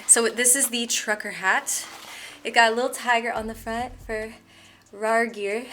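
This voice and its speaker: A young woman hosting a casual clothing haul vlog, gushing and excitable, full of slang and calling viewers "bro". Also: mid-range voice, slight background noise. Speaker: fitness YouTuber.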